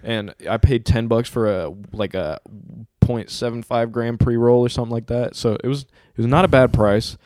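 A young man hosting a casual podcast tells a long story in a loose, laid-back way, heavy with slang and swearing. His mid-range, slightly mellow voice moves at normal speed with few pauses, recorded dry in studio quality.

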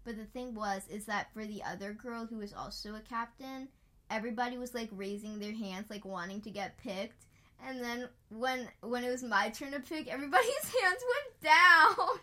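A woman's voice: a little high, moderate pace, a bit bright. A young American woman co-hosting a podcast, chatting casually and rambling through stories with lots of "like". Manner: chatty, rambling storyteller with frequent "like". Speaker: podcast co-host. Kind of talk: casual chat.

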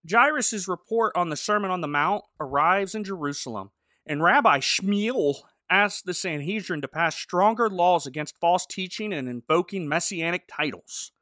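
A man's voice: sits high, pushed and bright, dry recording, studio quality. A man co-hosting a podcast, recapping a TV episode in a sarcastic, jokey way. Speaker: podcast co-host. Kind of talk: casual chat recapping a TV episode.

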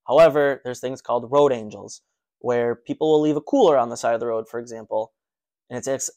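Man animatedly recounting a running story. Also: medium pitch. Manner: animated, breathless recounting with restarts. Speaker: runner telling his own story. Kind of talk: casual personal storytelling.

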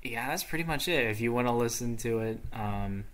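A man's voice: medium pitch, expressive, brisk, a bit bright. Young male podcast co-host, rambling and unscripted, laughs a lot, mid-range voice. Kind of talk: casual chat.

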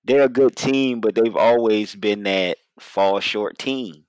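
A man co-hosting a casual sports podcast, laid-back and quick to laugh. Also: fairly low pitch, darkish tone, clear, resonant tone, dry recording. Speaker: podcast co-host.

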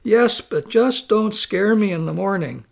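A man voicing an angry wife in a spoken story, shouting and scolding her husband. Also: sits high, animated, a little slow, creaky, full character voice.

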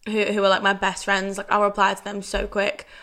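A woman's voice: mid-range voice, monotone, brisk, a bit bright. A young woman hosting a casual solo podcast, rambling chattily and filling every sentence with "like". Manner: chatty, rambling, says "like" constantly. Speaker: podcast host.

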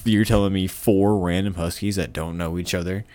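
A man chatting casually as a podcast guest, rambling and profane, telling animated stories. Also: sits low, normal speed, no echo. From United States. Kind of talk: casual chat.

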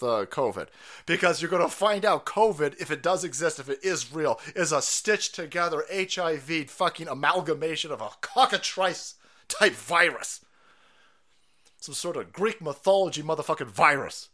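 A man's voice: fairly high pitch, animated, normal speed, pushed and bright. A man, a streamer delivering a foul-mouthed, incredulous conspiracy rant.

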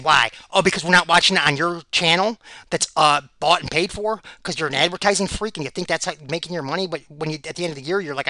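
High bright-voiced guy ranting sarcastic about fight picks, repeats stuff a lot. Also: no room sound. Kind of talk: rambling solo commentary.

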